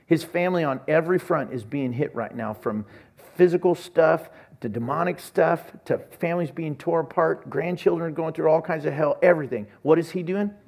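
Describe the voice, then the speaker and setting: A man's voice: a little high, vocal fry, darkish tone. A man preaching a sermon as pastor, telling stories and acting out conversations. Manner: storytelling, acts out conversations.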